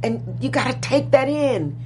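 A woman guest telling stories in conversation, profane and animated, dropping to low murmurs and rising to loud exclaims. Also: a little slow, a little hiss or hum. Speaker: interview guest. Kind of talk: storytelling in conversation.

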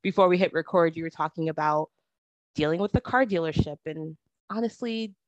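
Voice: mid-range voice, fairly quick, no room sound, dull audio. A podcast host talking casually with a guest, chatty with many filler words. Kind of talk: podcast interview conversation.

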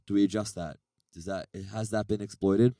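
Raspy low-voiced man, casual podcast host. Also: steady tone, moderate pace, mellow, no echo. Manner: rambling, self-deprecating, earnest. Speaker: podcast co-host and league organizer.

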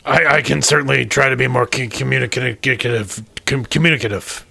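A man playing a wary male starship crewman in a tabletop role-play, talking in a halting way with many stammers and restarts. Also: mid-range voice, gravelly, pushed and bright, breathy edge, no room sound, full character voice. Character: wary male starship crewman, private about his mother.

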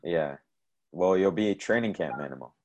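A man hosting a podcast, giving a guest short, relaxed prompts and replies. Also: low voice, normal speed, lo-fi sound. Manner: laid-back, brief replies and prompts. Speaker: podcast host. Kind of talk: casual interview.

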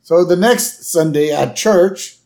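A man co-hosting a podcast, chatting casually through an episode recap, relaxed and hesitant with fillers. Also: fairly high pitch, takes it slowly. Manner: relaxed, hesitant with fillers, quotes lines in a plain voice. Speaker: podcast co-host.

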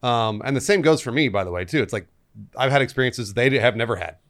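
A man with a mid-pitched voice thinks out loud on a podcast. He speaks in a reflective way and often repeats words before finishing a thought. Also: lively intonation, fast. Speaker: podcast co-host. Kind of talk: casual chat.

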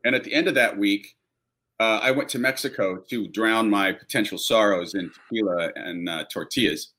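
A man's voice: lowish voice, normal speed, pushed and bright. A man telling a casual, wry anecdote about an audition. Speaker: actor guest on a panel.

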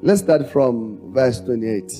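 A man preaching a sermon in short phrases for an interpreter, rising to shouts when he reads scripture. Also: medium pitch, lively intonation, slow, faint music behind. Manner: emphatic, rises to shouting on scripture.

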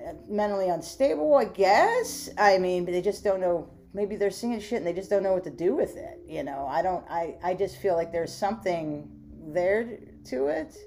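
A woman's voice: mid-range voice, expressive, normal speed, warm tone, slight background noise. A woman from western Pennsylvania, co-hosting a podcast and telling a rambling, profane story in casual chat. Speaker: podcast co-host.

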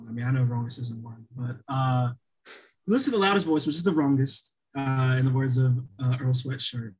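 Husky man rambling in casual chat. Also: mid-range voice, normal speed, faint music behind, low-quality recording. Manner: rambling, many restarts and fillers.

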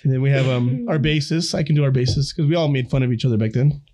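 A man's voice: medium pitch, fast talker, mellow. Easygoing guest in his thirties, a teacher, rambling stories with a bit of swearing. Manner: laid-back storytelling, frequent swearing. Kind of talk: casual podcast chat.

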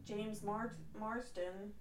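A woman's voice: mid-range voice, steady tone, takes it slowly. A woman co-hosting a podcast, chatty and giggly in casual talk. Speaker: podcast co-host. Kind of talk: casual chat. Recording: echoey room with loud crowd noise.

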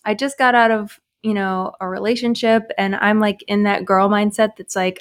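A woman's voice: mid-range voice, steady tone, moderate pace, hardly any pauses, smooth. Chatty young woman telling a story. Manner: chatty, lots of fillers and laughs. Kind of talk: casual storytelling.

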